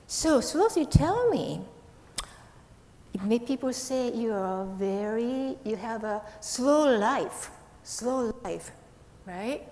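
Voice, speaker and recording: Lady minister doing a kids' talk, slow and kinda high voice, bouncy questions, echoey hall. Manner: playful, animated, coaxing questions to children. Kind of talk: children's sermon with a puppet. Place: temple hall. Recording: echoey hall, faint hiss.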